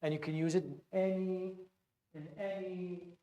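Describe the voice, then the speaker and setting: A man with a high-pitched, mellow voice and flat delivery teaches Arabic a little slowly, quizzing students and repeating phrases with frequent restarts. It's a classroom lecture with echoey acoustics.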